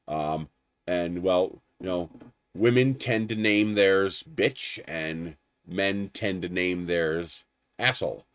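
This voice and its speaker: A man hosting a casual livestream, rambling and animated, laughing at his own jokes. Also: sits low, slow, smooth, no room sound. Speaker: livestream host.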